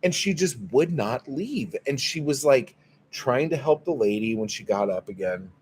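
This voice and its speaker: A man's voice: medium pitch, lively intonation, unhurried, darkish tone, husky. A man hosting a casual livestream, telling a story in a profane, exasperated way. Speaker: livestream host. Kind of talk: casual livestream chat, reading viewer comments.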